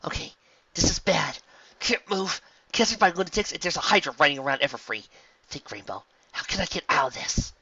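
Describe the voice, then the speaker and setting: A man's voice: a little high, big pitch swings, a little fast, pushed and bright, breathy edge, dry recording, far from the mic, lo-fi sound, pitched above the performer's own voice, full character voice. A man reading a fan story voices a brave, polite young female pegasus hero, raised well above his own voice. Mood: anxious. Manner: earnest, polite, urgent.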